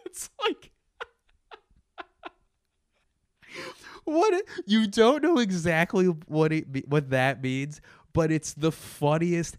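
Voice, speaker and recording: A man in casual chat, rambling and animated, full of fillers and restarts. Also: fairly high pitch, takes it slowly, long pauses, clear, resonant tone, no room sound, studio quality.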